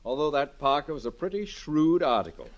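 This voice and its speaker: A man's voice: on the high side, big pitch swings, fairly quick, muffled recording. An actor playing a boastful, blustering middle-aged male banker turned farmer in a 1940s radio sitcom, a father who chuckles at his own jokes. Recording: hissy 1940s radio recording.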